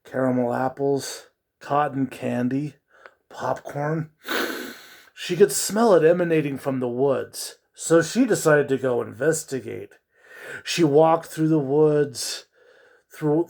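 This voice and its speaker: A man telling a spooky story in a slow, drawn-out, hushed dramatic delivery with a soft, husky voice. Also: a little high.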